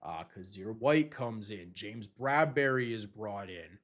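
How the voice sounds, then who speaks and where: A young man hosting a podcast, rambling through casual sports talk in an excitable way and swearing freely. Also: lowish voice, unhurried. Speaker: podcast host.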